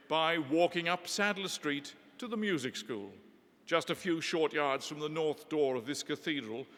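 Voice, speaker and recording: A man's voice: a little high, pushed and bright. Older man's reflective speech, long cathedral echo. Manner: measured, reflective, eloquent. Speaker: honorary graduate giving a speech. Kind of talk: formal ceremonial address. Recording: long reverb of a large hall.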